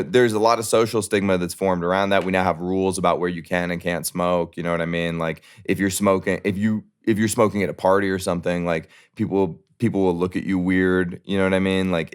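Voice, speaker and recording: Man, low voice, blunt and profane, heated podcast guest. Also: level tone, fairly quick, few pauses, clean tone. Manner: emphatic, profane, jumps up in pitch when mimicking others. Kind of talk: heated casual debate.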